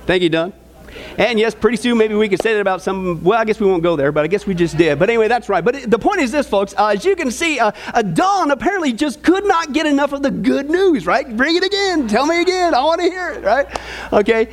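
Male pastor, sermon, jokey asides, animated, very high pitch. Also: fast. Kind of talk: joking sermon.

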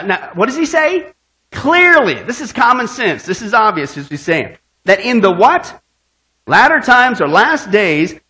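A man's voice: high voice, pushed and bright. A male pastor preaching a sermon, cracking jokes and quizzing his congregation with call-and-response questions.

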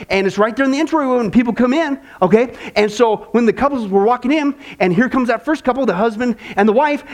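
High-voiced, animated male preacher. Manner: animated storytelling, acting out voices. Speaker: pastor. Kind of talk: sermon with personal stories.

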